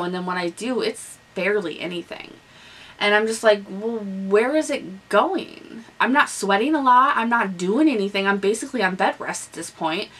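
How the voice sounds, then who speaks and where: Young woman chatting to her camera about her pregnancy, bright voice, bit far from the mic, lots of ums. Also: fairly low pitch. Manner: candid, chatty, with frequent ums and restarts. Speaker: vlogger. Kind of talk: casual pregnancy update vlog. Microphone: camera on a stand nearby.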